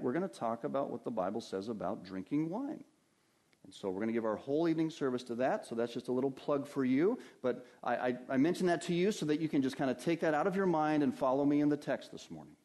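A man with a voice pitched somewhat high preaches to his congregation during a church service. He is earnest, climbing on the phrases he stresses and letting his voice fall low and quiet as each thought closes. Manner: earnest preaching, rising on key phrases and dropping low on closing words. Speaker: pastor. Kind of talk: sermon.

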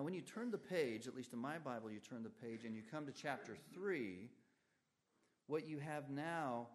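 Male preacher, mid-pitched, emphatic sermon delivery with big swings in pitch and loudness. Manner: emphatic, rises and falls sharply in pitch and volume.

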